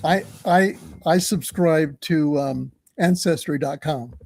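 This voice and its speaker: Author guy chatting on a show, mellow tone, lots of restarts, dry sound. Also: fairly high pitch, no echo. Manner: halting, many restarts. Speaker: author guest. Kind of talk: casual interview chat.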